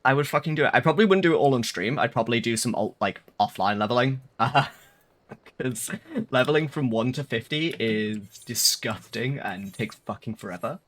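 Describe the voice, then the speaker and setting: A man's voice: mid-range voice, normal speed, a bit bright. A young man chatting casually on a live stream, rambling and swearing with lots of fillers.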